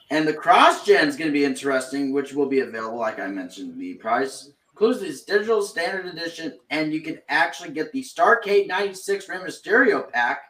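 A man's voice: on the high side, fairly bright tone, far from the mic. A man hosting a casual podcast, reading through news with lots of fillers and restarts. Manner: reads game news with many fillers and restarts. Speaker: podcast host. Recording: roomy echo, off-mic.

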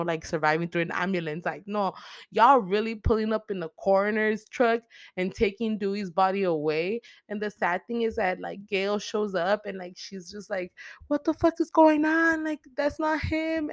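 A woman's voice: medium pitch, no room sound, clean studio sound. A woman hosting a casual movie recap, retelling the plot with constant swearing, fillers and emotional outbursts.

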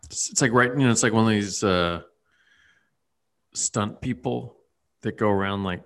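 A man's voice: fairly low pitch, normal speed, fairly bright tone. A man in casual chat, rambling with lots of fillers and restarts.

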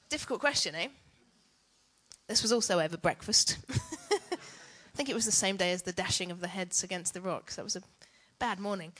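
A woman's voice: medium pitch, lively intonation, normal speed, sharp tone. A woman giving a chatty, self-mocking teaching talk on worship to church leaders.

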